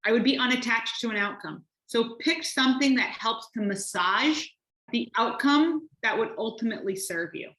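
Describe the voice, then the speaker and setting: A woman coach on a group coaching call, calmly listing steps one after another. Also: on the high side, moderate pace, roomy sound. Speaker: life coach.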